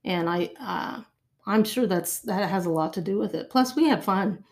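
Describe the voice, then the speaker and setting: A woman's voice: medium pitch, normal speed. An older woman guest talking in a chatty way, often repeating words as she thinks. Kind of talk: interview conversation.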